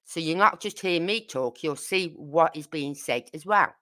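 Chatting casually on her true crime livestream, a Birmingham woman with a Brummie accent tells her viewers things bluntly and with indignation. Her voice is low-pitched and fairly bright, at a normal speed.

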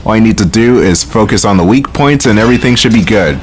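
Speaking from home in a low, expressive voice, a man provides laid-back commentary on his gameplay. Expect dry humor, plenty of swearing, and sudden spurts of irritation.

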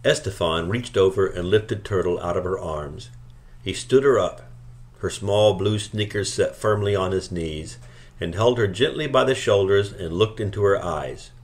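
A man narrating a novel chapter aloud in a calm, steady storytelling manner. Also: deep voice, moderate pace. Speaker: audiobook reader. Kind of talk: scripted narration.

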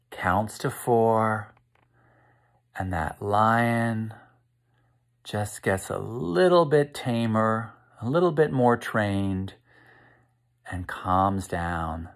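A man reading a picture book aloud to children, asking them gentle questions as he goes. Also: on the low side, extremely slow, long pauses. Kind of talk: interactive read-aloud.

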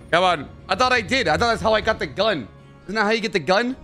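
A man narrating a horror game let's-play, joking, swearing and yelling when startled. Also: high voice. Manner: jokey, swears, mutters, yells when startled. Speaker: gaming YouTuber.

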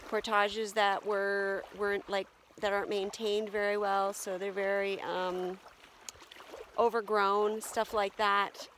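Solo camping vlogger, woman, mid-pitched, reflective and halting, filmed on a handheld camera at a lake with faint water ambience. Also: flat delivery, fairly bright tone, a little hiss or hum. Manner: reflective, many ums and pauses. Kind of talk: outdoor travel vlog. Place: outdoors at a lake portage.

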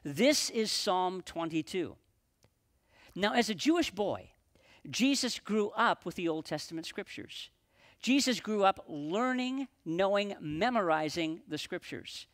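A man preaching a sermon as pastor at a live church service, earnest, slowing down and dropping his voice for emphasis. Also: high-pitched, expressive, fairly bright tone.

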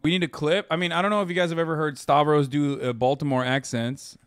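A man hosting a reaction stream, chatting casually in an excitable, profane, rambling way. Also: on the high side, fast, dry recording, clean studio sound. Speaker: streamer host.

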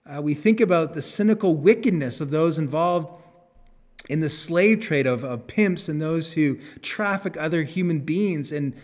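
A male pastor preaching a sermon, earnest, lifting his voice for emphasis and dropping it low on solemn words. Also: normal speed. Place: church sanctuary. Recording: long church reverb.

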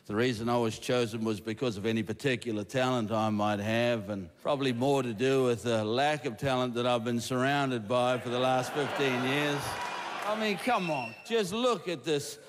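A man's voice: mid-range voice, normal speed. A man with a New Zealand accent, the guest of honour at a live roast, speaking in a mock-humble, sarcastic way. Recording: echoing hall, loud audience noise.

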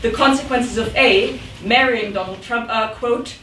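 A woman's voice: fairly high pitch, measured pace, a bit bright, slight background noise. Woman poet reading, echoey and distant. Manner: dramatic, rhythmic reading with sudden outbursts. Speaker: poet reading her work. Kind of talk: live poetry reading. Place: event room. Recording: echoey room, mic at a distance.

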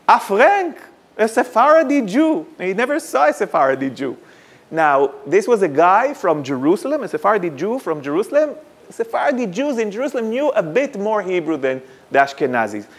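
Male lecturer, higher-pitched, dramatic storyteller with wry asides. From Israel. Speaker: guest lecturer.

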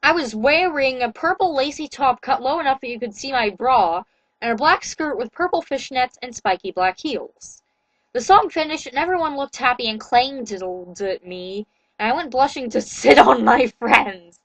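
High-voiced woman reading fan fiction deadpan. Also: normal speed, no echo, rough recording. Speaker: reader.

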